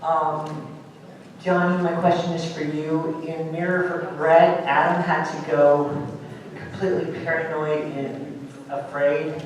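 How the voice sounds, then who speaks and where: A man's voice: on the high side, flat delivery, a little slow. A man from the audience asking panel guests questions, eager and stumbling over his words. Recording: echoey hall from far off.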